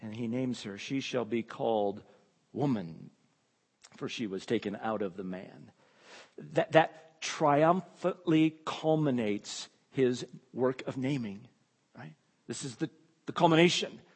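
A man's voice: mid-range voice, a little slow, slightly rough, big-room sound. A man preaching an expository sermon, emphatic and repeating key phrases, his voice rising when he exclaims.

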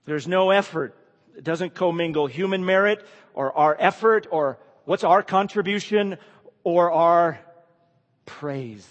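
A man preaching a sermon with earnest emphasis, often dropping to a quiet, hushed delivery. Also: high voice, measured pace, big-room sound, highs cut off. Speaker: pastor.

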